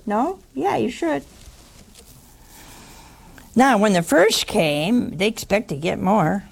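A woman with a medium-pitched, creaky voice preaches slowly, teasing her congregation. Her sermon is animated storytelling in which she acts out the people in her tales with quoted voices.

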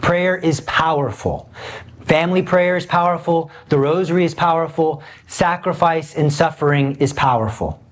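An earnest man preaching a sermon, his voice sitting a little higher than most men's. He pleads with his listeners and presses them with pointed questions. He slows down deliberately to drive each point home. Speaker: Catholic preacher.

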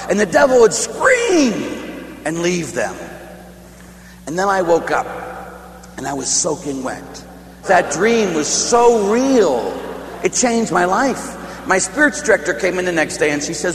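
A priest from Pittsburgh delivers a sermon as lively, humorous storytelling, his voice sitting a little high. The sound is a big, echoey hall with a long reverb tail and a faint hum underneath. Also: moderate pace. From Pittsburgh, United States. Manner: animated, humorous, dramatic storytelling.

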